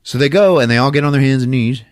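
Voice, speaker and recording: A man hosting a podcast, recapping a movie with animated storytelling and frequent laughs. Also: medium pitch, fast, no room sound, clean studio sound. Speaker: podcast host.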